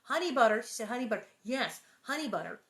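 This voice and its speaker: A woman's voice: on the high side, animated, fast, fairly bright tone. Chatty woman reading a storybook aloud. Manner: chatty, playful, reacts to viewer comments. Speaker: reader hosting a book reading stream. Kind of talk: reading a children's novel aloud with chatty asides.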